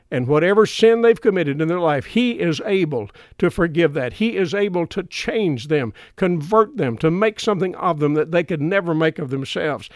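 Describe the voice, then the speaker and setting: Man, middle-aged preacher, sermon delivery, slightly high voice, dry close sound, earnest and emphatic. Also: dry recording.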